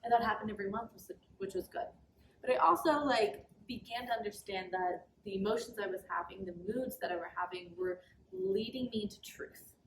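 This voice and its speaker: Speaking a little fast in a mid-range voice, a young woman tells casual personal stories as a podcast guest, candid and chatty with heavy use of "like." The mic sits at a distance, giving a roomy sound with a little hiss or hum.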